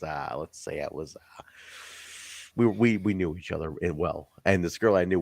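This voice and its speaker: A man hosting a casual live-stream podcast chat, animated, swearing and joking with his co-host. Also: sits low, no room sound.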